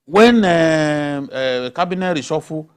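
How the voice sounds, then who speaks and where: A man on a television panel giving firm opinions, often halting and restarting his sentences. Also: on the high side, animated, clean tone. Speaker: journalist panelist. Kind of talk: studio panel discussion. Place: television studio.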